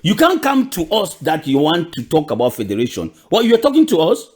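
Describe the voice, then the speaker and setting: A man with a Cameroonian accent delivers a fiery political monologue. His fairly high voice leaps up and drops low from phrase to phrase, and he hammers his questions home through repeats and restarts. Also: huge pitch swings, fairly quick. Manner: repeats questions with emphatic restarts and sudden pitch jumps. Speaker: political commentator.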